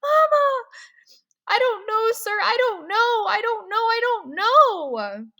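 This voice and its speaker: A woman voicing a young frightened boy who cries out for his mother in a high, tearful voice. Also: lively intonation, measured pace, pushed and bright, exaggerated voice. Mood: panicked.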